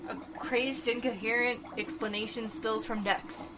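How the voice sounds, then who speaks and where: Podcast co-host, woman, slow dramatic comic reader; noisy home recording. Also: on the high side, steady tone. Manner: unhurried dramatic reading. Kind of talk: reading a horror comic aloud.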